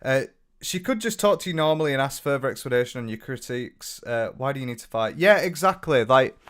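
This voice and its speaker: A man's voice: medium pitch, expressive, fairly quick, a bit bright, clean tone. A young man with a British accent talks in a loose, offhand commentary style, swearing freely and poking fun at the person he is discussing. He breaks off now and then to read out and answer comments. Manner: blunt, sweary and mocking, often reading viewer comments aloud. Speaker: commentary YouTuber. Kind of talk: casual reaction commentary.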